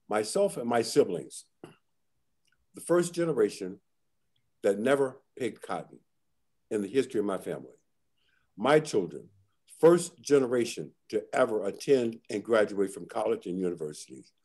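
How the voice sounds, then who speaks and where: A man's voice: on the low side, sing-song, moderate pace, pauses often, darkish tone. Emphatic older man telling folksy stories. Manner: folksy, emphatic storytelling with repeated refrains. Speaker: panel guest. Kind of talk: storytelling on a panel.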